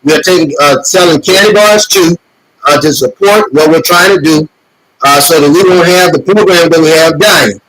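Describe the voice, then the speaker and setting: A man's voice: a little high, moderate pace, a bit bright, no echo, rough recording. A man hosting a live stream, reading viewer comments and addressing his audience in an earnest, repetitive, preacher-like cadence with many fillers; he is emotional. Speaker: host of a streaming show.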